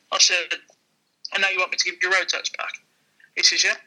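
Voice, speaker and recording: A man's voice: high-pitched, normal speed, low-quality recording. A man, a used car dealer, telling a casual anecdote and acting out the people in it. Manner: lively, acts out the people in his stories.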